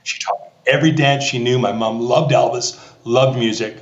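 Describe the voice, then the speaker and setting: A man's voice: medium pitch, normal speed, highs cut off. Roomy-sounding Canadian man telling a story. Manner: animated storyteller acting out quoted voices. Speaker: guest, theatre festival artistic director. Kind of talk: storytelling in a podcast interview.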